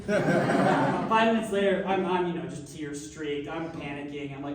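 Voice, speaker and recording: Young man pastor, animated storyteller, higher voice, echoey church hall from far off, faint hum. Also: a little slow. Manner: animated, self-deprecating storyteller. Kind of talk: sermon with personal storytelling. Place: church sanctuary.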